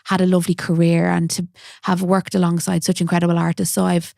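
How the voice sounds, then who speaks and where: An Irish woman, a makeup artist, chatting as a podcast guest in a quick, self-deprecating way. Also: fairly low pitch, monotone, creaky, dark tone, dry recording, clean studio sound. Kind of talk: casual podcast chat.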